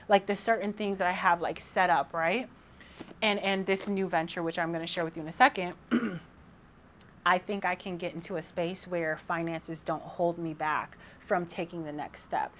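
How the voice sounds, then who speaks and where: A woman in her thirties talking casually to camera as a vlogger, excited and rambling, with frequent restarts. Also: on the low side, slight background noise.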